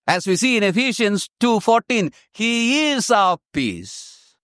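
A man preaching a sermon, slow and emphatic, repeating his key phrases. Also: high-pitched, big pitch swings, fairly bright tone, no echo, studio quality.

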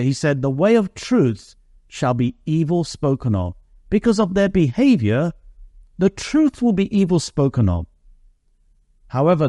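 A man preaching a sermon, reading Bible verses in an earnest voice that slows and lifts on the quoted lines. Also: medium pitch, dark tone, no echo, clean studio sound.

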